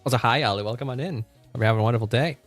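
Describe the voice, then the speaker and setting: A man's voice: mid-range voice, racing, faint music behind. A man streaming and chatting casually, laughing often and restarting his sentences.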